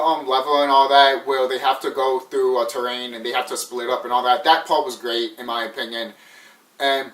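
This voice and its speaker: A young man rambles through a movie review in a casual, profane way, tripping over his own sentences. His voice sits a little high for a man. He sounds set back from the mic in a roomy, echoing space. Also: fairly bright tone, distant mic. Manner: rambling, profane, full of fillers and restarts.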